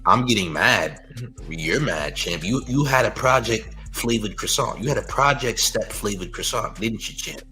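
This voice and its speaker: A man's voice: on the low side, animated, moderate pace, bright, forceful tone, faint music behind, poor audio. A man hosting a live-stream news show, mocking a critic in loose slangy commentary and leaning on "champ" and "you heard".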